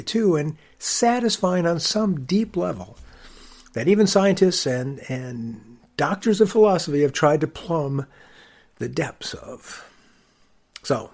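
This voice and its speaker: A man with a husky voice tells a personal story on his podcast in a wry, conversational way. His delivery swings through a lively range, jumping high for emphasis and then sinking low and quiet. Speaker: podcast host.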